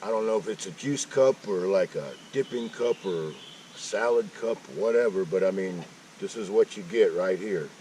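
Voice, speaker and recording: A man's voice: deep voice, moderate pace, a little mellow, far from the mic, slight background noise, low-quality recording. A man casually chatting while cooking breakfast at a mountain campsite, folksy with joking asides. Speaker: outdoor vlogger. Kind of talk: casual camp-cooking vlog.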